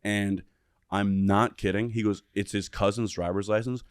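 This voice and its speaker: A man with a lowish voice tells a rowdy story on a podcast mic, swearing freely and jumping into the voices of the people in it. The sound is dry and close, with no room around it. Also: moderate pace, smooth, no echo. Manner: animated, profane, acts out quotes. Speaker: podcast guest. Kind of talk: casual storytelling.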